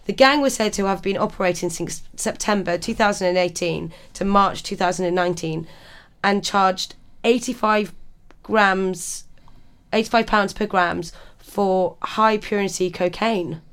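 Woman, radio co-host, reads news then riffs on it with giggles and animated asides; studio mic. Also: medium pitch, unhurried, smooth. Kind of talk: reading news and casual banter.

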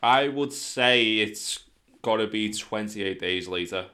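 A man's voice: fairly low pitch, slow pace, sharp tone. A young man, co-hosting a podcast with sweary, jokey banter. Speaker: podcast co-host. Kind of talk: casual banter.

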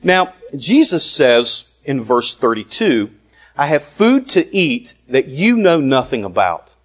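A man preaching a sermon, deliberate and emphatic, with long pauses. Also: medium pitch, sing-song.

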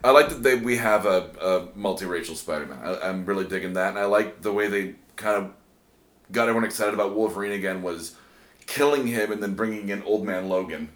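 Guy with a lowish voice rambling about comics, um-ing a lot, roomy echo. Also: a little fast, a bit bright. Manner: rambling, lots of fillers and restarts. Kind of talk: casual group chat about comics and TV.

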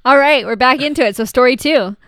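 A woman's voice: sits high, brisk, a bit bright, no echo, studio quality. A young woman co-hosting a casual podcast chat, teasing and giggling. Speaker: podcast co-host.

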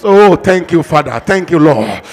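Nigerian pastor preaching in an echoing hall. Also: male voice, on the high side, lively intonation. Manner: tells a story, then prays loudly and fast in bursts. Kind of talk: sermon with storytelling and loud prayer.

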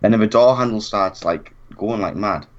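A young man spins a lively story, voicing everyone he quotes and laughing along as he goes. His voice sits low. The recording sounds dull and lo-fi. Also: moderate pace. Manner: animated anecdote, acts out quotes, laughs often. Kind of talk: casual chat.

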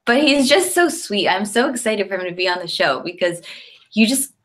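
A woman's voice: medium pitch, lively intonation, normal speed. A woman co-hosting a casual chat show, easygoing, laughing often and leaning on "like" as she talks. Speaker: podcast co-host.

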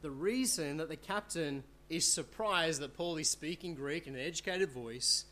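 Male pastor, earnest verse-by-verse sermon delivery, voice on the higher side. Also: normal speed, bright, forceful tone. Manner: earnest, rhetorical tag questions. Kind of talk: expository sermon.

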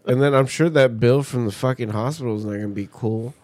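A man's voice: medium pitch, fast talker, a little mellow, no echo, studio quality. A young man co-hosting a podcast, ranting and swearing constantly in casual banter. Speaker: podcast co-host.

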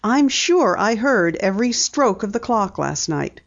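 A woman's voice: mid-range voice, big pitch swings, unhurried, voice pushed up. A woman reading an audiobook, voicing a prim older housekeeper who is easily exasperated. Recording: dull lo-fi audiobook recording.

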